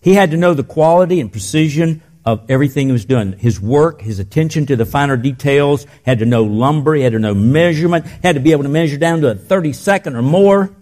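An older man preaching a sermon in a church, telling stories and dropping into soft, intense passages. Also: a little high, animated, quick pace, hardly any pauses. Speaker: pastor.

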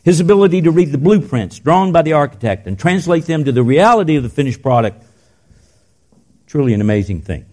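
An older man preaching a sermon in a church, telling stories and dropping into soft, intense passages. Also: on the high side, sing-song, fairly quick. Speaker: pastor.

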